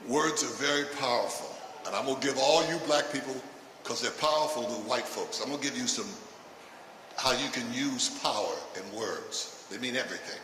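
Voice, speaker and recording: A man's voice: mid-range voice, brisk, pushed and bright, distant mic. A man doing a stand-up routine for a live audience, punchy and laughing through his own lines as he jabs at the crowd. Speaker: stand-up comedian. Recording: echoey hall with audience noise.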